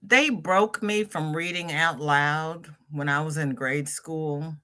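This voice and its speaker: Slow-talking chatty livestream host woman. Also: low voice. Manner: chatty, laughing, greets viewers warmly by name. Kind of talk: casual chat reading live comments.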